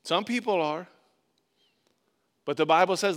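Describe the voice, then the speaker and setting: A male pastor, preaching a conversational sermon that swells into emphatic bursts and drops to soft asides. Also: a little high, normal speed, long pauses.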